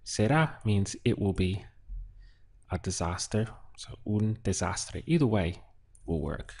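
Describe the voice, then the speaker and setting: A man walks through a translation in an unhurried, methodical way, pausing to think aloud. His voice sits low and a little husky. Soft keyboard clicks and typing can be heard behind him. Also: expressive. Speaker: Spanish teacher. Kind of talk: unhurried lesson walkthrough while writing.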